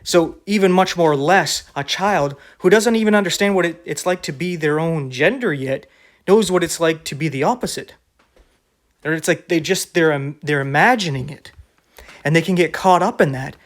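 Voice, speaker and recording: A man's voice: a little high, normal speed. A man preaching in a casual, conversational sermon, often restarting his phrases. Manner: conversational, with many restarts and filler words.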